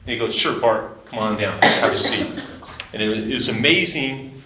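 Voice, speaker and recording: A middle-aged man tells his career stories to a class in a casual, talkative way, acting out old conversations. His voice is bright and forward. The room is echoey, with a faint hiss underneath. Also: medium pitch. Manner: conversational, animated retelling of dialogue. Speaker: retired Air Force officer, JROTC instructor. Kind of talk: casual career storytelling to students.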